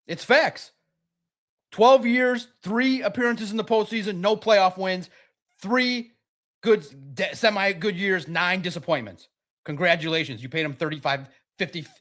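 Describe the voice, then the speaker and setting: A man's voice: sits high, a bit bright. A man hosting a sports podcast, ranting in an emphatic, repetitive and mocking way. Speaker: podcast host. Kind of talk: heated sports podcast rant.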